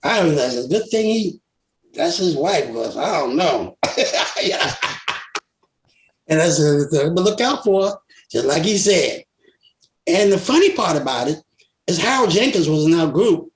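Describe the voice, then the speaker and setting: An older man, a veteran singer, telling lively stories in an interview, laughing and acting out the voices of others. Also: fairly high pitch, unhurried, pauses often. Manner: animated storyteller, laughs often, acts out voices. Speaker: guest singer. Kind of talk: storytelling interview. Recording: roomy echo.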